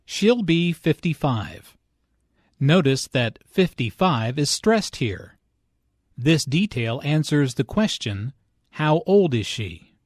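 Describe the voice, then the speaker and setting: Man with slow, lively teaching delivery. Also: mid-range voice, no echo, studio quality. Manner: slow, clear, careful enunciation. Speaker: language lesson narrator. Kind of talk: scripted lesson narration and dialogue reading.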